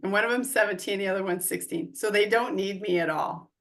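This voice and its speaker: A woman's voice: mid-range voice, a little fast. A woman in her forties, a guest on an interview podcast, talking casually and acting out quoted lines as she tells a story. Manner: animated, acts out quoted dialogue. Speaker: guest real estate investor and coach.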